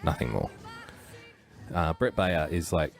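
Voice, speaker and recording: A man's voice: sits low, animated, a little slow, vocal fry, faint music behind. A man hosting a livestream, rambling through casual commentary with joking asides and chuckles. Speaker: livestream host.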